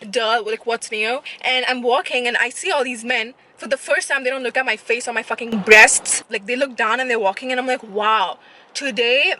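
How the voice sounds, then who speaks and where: A woman's voice: high voice, sharp tone, a little hiss or hum, low-quality recording. A young woman talking casually to her vlog camera, candid and profane as she tells stories. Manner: candid, profane, chatty storytelling. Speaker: vlogger.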